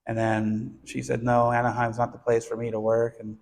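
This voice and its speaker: A man's voice: medium pitch, completely flat delivery, moderate pace, vocal fry, a little mellow, slight background noise. A man who founded a nonprofit tells his childhood story in a casual, earnest interview. He talks conversationally, with many restarts and "you know"s. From United States (born in Texas, raised in southern California).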